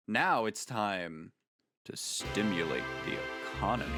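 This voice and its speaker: A man's voice: medium pitch, sing-song, takes it slowly, over music. A man giving casual gameplay commentary as a video creator, jokey and rambling, with playful asides.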